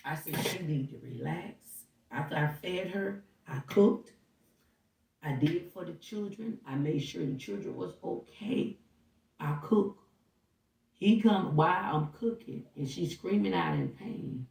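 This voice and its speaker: A woman with a gravelly, fry-edged voice recounts what she saw in an animated, casual way, slipping into the voices of the people in her story. She sits away from the microphone in an echoey room. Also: deep voice, measured pace. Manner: animated, acts out dialogue while recounting. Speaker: housekeeper. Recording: roomy, distant from the mic.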